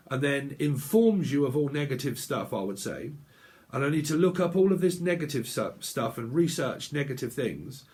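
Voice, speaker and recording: Man, mid-pitched, blunt rambling tarot reader vlog, lots of swearing. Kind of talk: casual tarot reading vlog.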